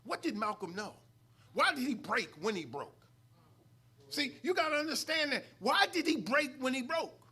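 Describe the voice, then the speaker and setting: His voice is extremely high, sing-song, pushed and bright with a slight roughness, at normal speed. He is a middle-aged student minister from New York giving a preacherly study lesson in a mosque hall, with rising emphatic swells and call-outs to the congregation.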